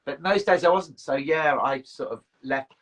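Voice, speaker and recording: A man's voice: a little high, normal speed, a bit bright, low-quality recording. A middle-aged man, a band frontman, telling rambling self-mocking stories and swearing freely in casual livestream chat. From England.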